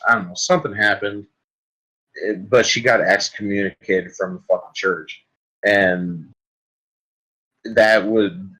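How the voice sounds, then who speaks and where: A man's voice: on the low side, fairly bright tone, low-quality recording. A man hosting a solo podcast, delivering a rambling, crude comic rant full of swearing. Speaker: podcast host.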